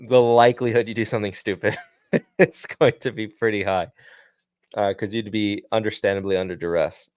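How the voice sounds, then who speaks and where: A man co-hosting an investing livestream, calmly explaining and laughing at the chat. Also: on the low side, fairly quick, smooth, dry recording, clean studio sound. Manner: amused, laughs often, reads chat aloud.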